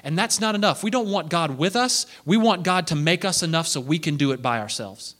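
A man preaching a sermon, animated and acting out the voices of the people he quotes. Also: on the high side, fairly quick.

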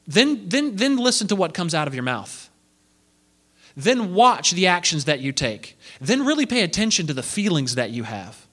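Male preacher, bright and forceful, animated sermon delivery with acted-out asides. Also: high-pitched, normal speed. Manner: animated, acting out quoted voices.

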